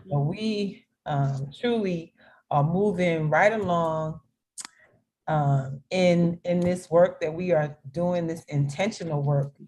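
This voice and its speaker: Slow, low-voiced woman facilitator. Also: a little mellow, a little hiss or hum. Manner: chatty, laughing, playful. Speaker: meeting facilitator. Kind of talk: casual video-call chat. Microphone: video call.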